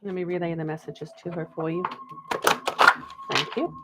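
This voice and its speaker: A woman's voice: on the low side, fairly even intonation, normal speed, lo-fi sound, heavy background noise. A woman hosting a live stream card reading, chatting and laughing between the messages she reads aloud. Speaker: card reader.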